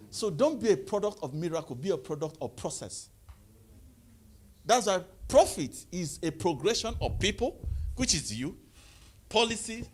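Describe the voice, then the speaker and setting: A man giving a lively motivational talk to a live audience, calling out questions and having the crowd answer. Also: husky. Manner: call-and-response, rising to high exclaims. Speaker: motivational speaker.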